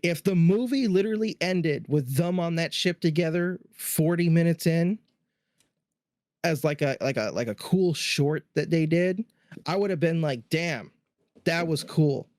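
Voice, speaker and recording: A man's voice: a little high, normal speed, darkish tone, no room sound. Rambling man with a dry close sound. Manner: rambling, trails off and restarts. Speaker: podcast co-host. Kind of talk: casual movie review chat.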